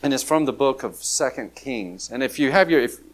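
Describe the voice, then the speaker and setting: A man's voice: medium pitch, expressive, normal speed. A man preaching a conversational sermon, full of restarts and repeated words. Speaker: pastor.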